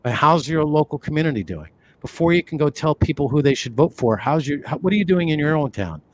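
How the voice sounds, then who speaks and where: A man from the New York City area co-hosting a podcast, talking in a rambling, animated way with many fillers and restarts. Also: fairly high pitch, fast talker. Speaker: podcast co-host. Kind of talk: conversational podcast talk.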